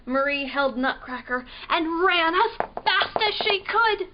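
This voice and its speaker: A woman librarian reading a picture book aloud at storytime, slow and expressive, asking the listening children questions. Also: very high voice, lo-fi sound, background noise.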